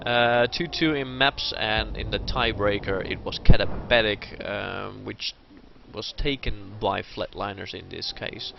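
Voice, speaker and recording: A man with a gravelly, creaky voice signs off an esports broadcast at an easy pace, filling gaps with "um" and "uh". He speaks at middle pitch. The sound is muffled, as over online voice chat, with a steady hiss of noise behind him. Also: a little slow, few pauses. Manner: relaxed, hesitant with many fillers. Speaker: esports caster hosting the broadcast. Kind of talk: closing remarks of a game cast.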